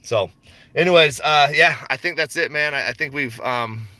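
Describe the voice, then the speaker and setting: A man's voice: on the high side, normal speed, sharp tone, no echo. A man talking casually on a stock market livestream, rambling and slangy, with frequent laughs. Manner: rambling, laid-back, slangy, laughs often.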